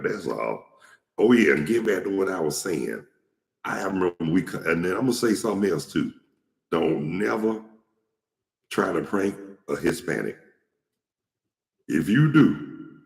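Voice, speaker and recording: A very deep-voiced, gravelly middle-aged man spins loose, profane anecdotes in a casual host monologue. His pitch rises and falls widely as he goes. He is recorded in an echoey room with a long, lingering reverb. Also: darkish tone. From Atlanta, Georgia. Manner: rambling, blunt, profane anecdotes. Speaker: show host.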